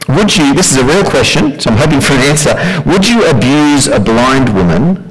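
A preacher delivers a sermon at a middling pitch. He keeps it conversational and keeps turning to his listeners with questions. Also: animated, normal speed, crowd noise, rough recording. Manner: conversational, asks the congregation questions.

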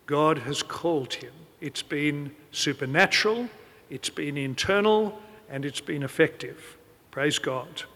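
A man's voice: a little high, bright, forceful tone, in a large hall. A middle-aged man preaching a sermon, telling stories and quoting the people in them. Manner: storytelling, quoting people in anecdotes.

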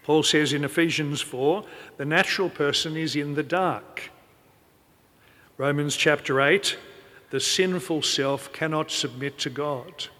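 A middle-aged man preaches a sermon in a big-sounding room, his voice a little high, bright and forceful yet unhurried. He tells stories, quoting the people in his anecdotes.

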